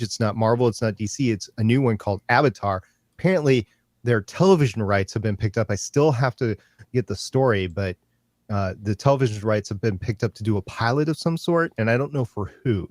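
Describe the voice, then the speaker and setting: A man's voice: mid-range voice, darkish tone, dry recording, clean studio sound. A man hosting a casual podcast, talking about comics in a rambling, stop-start, enthusiastic way. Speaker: podcast host.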